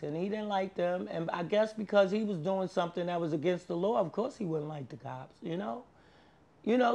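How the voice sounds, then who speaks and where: A woman's voice: on the low side, gravelly, mellow. A woman interviewed for a documentary, talking in a conversational, plain-spoken way and often adding "you know". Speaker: victim's widow, interviewee. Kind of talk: documentary interview, personal storytelling.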